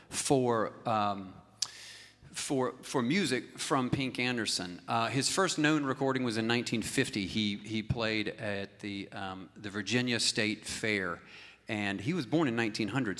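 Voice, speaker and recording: A man's voice: medium pitch, a bit bright, long reverb tail. A man telling a rambling music story in a casual way, with many restarts and small chuckles. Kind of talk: casual spoken storytelling before a song.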